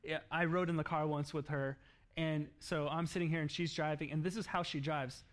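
A man preaching a sermon, telling a story in an animated way with laughs and acted-out quotes. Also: a little high, a little fast. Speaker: pastor.

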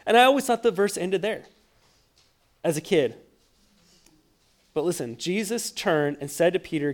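A man preaching a sermon, telling the story with lively acted-out quotes and frequent stammered restarts. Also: high voice, moderate pace, long pauses. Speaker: pastor.

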